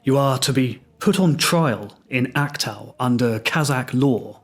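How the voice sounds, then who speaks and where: A man's voice: mid-range voice, a little slow. A man voicing a terribly posh British male embassy official with an upper-class English accent, clipped and formal. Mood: formal, polite. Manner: clipped, formal, politely cheerful.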